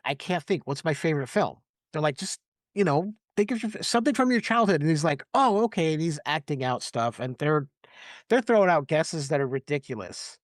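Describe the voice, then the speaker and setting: A man's voice: fairly high pitch, no echo, studio quality. A man on a podcast retelling movie scenes in a casual chat, acting out quotes and laughing often. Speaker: podcast host.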